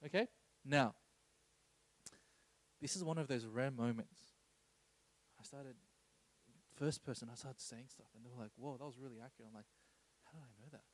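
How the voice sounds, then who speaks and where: A man's voice: mid-range voice, normal speed, pauses often, poor audio. A man preaching an informal sermon, telling a personal story with many asides and tag questions like "okay?".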